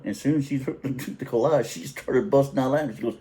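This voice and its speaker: A man's voice: mid-range voice, fairly quick, warm tone. A middle-aged man telling a family story in a casual, rambling way, often correcting himself and chuckling as he goes. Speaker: vlogger.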